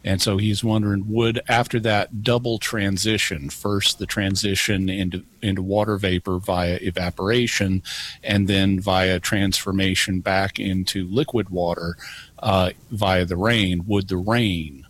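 Measured, precise man explaining on radio. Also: sits low, flat delivery, fairly bright tone. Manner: measured, precise, dry wit. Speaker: regular guest expert.

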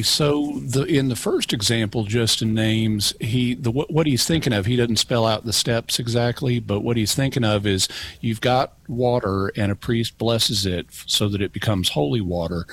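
A man's voice: medium pitch, breathy edge. A man, the regular expert on a call-in show, answering questions in a careful, precise way with dry humor. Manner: measured, precise, dry wit. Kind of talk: explanatory radio chat.

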